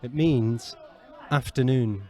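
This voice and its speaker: A man with a mellow, rounded voice chats casually outdoors at a football ground. He plays the patient teacher, spelling out Italian words slowly. He keeps a teasing, easygoing tone while he comments on the game. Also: mid-range voice, some chatter behind. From England. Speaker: podcast co-host. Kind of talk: casual match commentary and banter.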